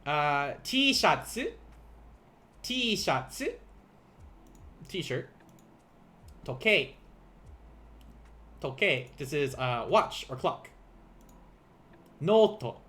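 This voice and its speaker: A young man teaching beginner vocabulary in a casual livestream, playful and quick to laugh, repeating each word slowly for learners. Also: fairly high pitch, very animated, sharp tone. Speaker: language teacher.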